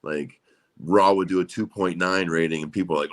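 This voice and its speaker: A man's voice: deep voice, fairly even intonation, brisk, a crowd in the background. A man in his forties, a guest in a casual interview, talking in a rambling way with lots of fillers and frequent swearing.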